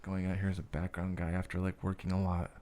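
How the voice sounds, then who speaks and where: Low-voiced man telling rambling stories. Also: completely flat delivery, fast talker, dark tone, slight background noise. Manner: profane, rambling, many fillers. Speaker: guest actor and director. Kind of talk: casual interview storytelling.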